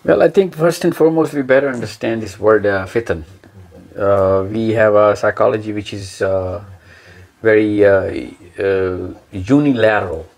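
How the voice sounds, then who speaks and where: A man's voice: lowish voice, normal speed, a little mellow. Earnest man explaining with emphasis. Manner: earnest, emphatic, acts out imagined quotes; repeats words while searching for phrasing. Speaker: guest speaker. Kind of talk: explanatory talk in an interview.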